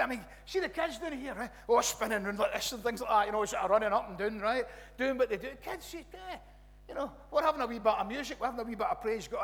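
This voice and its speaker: A man with a West Coast Scottish accent preaching a conversational sermon as a pastor, animated and rambling, full of restarts and "you know, right?" asides. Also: very high-pitched, big-room sound. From Scotland. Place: church.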